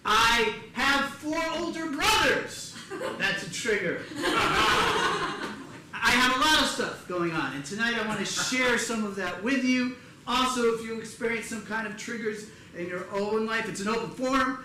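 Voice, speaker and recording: A middle-aged man performing live stand-up comedy in a theater, telling animated stories and acting out the people in them. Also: extremely high pitch, normal speed, distant mic. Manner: animated storytelling, acts out his mother and joke characters. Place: theater stage before a live audience. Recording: roomy theater sound with audience noise.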